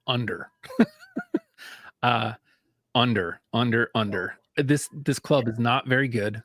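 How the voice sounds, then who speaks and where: A man's voice: medium pitch, takes it slowly, fairly bright tone, dry recording, studio quality. A man co-hosting a casual sports podcast, laid-back and blunt, laughing easily. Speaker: podcast co-host.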